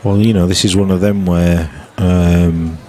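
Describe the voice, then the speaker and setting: Low-voiced man commentating pool. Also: flat delivery, a little slow, mellow. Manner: jokey, chuckling, dry British humour. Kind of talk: casual live commentary banter.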